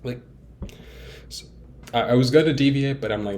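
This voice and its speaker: A man's voice: medium pitch, normal speed, darkish tone, slight background noise. A young man talking candidly and at length in a casual vlog monologue, rambling with fillers and restarts and poking fun at himself. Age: young adult. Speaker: vlogger.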